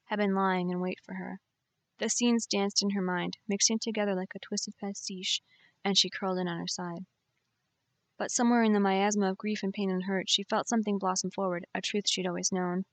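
A woman narrating a novel in an audiobook, reading in a measured, expressive way on a close mic. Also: mid-range voice, no echo.

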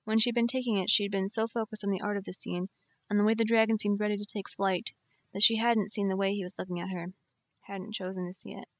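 A woman reads a novel aloud in measured, expressive audiobook narration. Her voice sits at a middle pitch, and the close mic gives it a dry sound with no room around it. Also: dry recording.

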